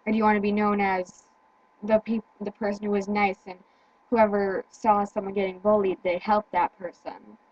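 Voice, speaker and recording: A teenage girl in casual chat, speaking earnestly with halting restarts and repeated words. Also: mid-range voice, level tone, darkish tone, no room sound, muffled recording. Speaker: teen vlogger.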